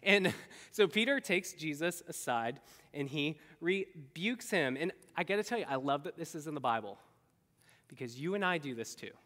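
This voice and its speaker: A man preaching a sermon to his congregation, animated and acting out the voices he quotes. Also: fairly high pitch, moderate pace. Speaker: pastor. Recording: echoey hall.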